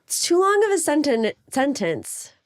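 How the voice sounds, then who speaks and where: A young woman co-hosting a casual chat, animated and teasing, laughing often. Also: high voice, normal speed. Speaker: podcast co-host.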